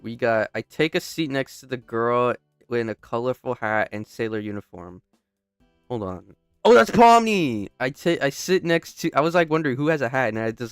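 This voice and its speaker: A man's voice: medium pitch, fairly bright tone, smooth, no room sound. A young man casually reading a game's text aloud while playing, often stopping to restart and break into joking asides. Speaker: gamer.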